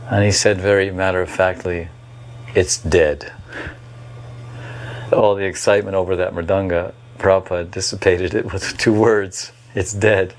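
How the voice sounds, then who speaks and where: A man recalling memories as a devotee in a measured storytelling way. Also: low-pitched, flat delivery. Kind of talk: reflective recollection.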